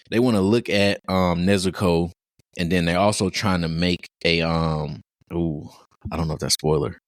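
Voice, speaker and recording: A young man co-hosting a casual podcast, speaking hesitantly and haltingly as he searches for words. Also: sits low, dry recording. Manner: hesitant, halting, lots of fillers. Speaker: podcast co-host. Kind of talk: casual chat.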